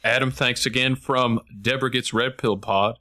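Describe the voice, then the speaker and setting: A man's voice: medium pitch, fairly even intonation, normal speed, bright, forceful tone. A man hosting a podcast, chatting casually, rambling and joking with sarcastic asides. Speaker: podcast host.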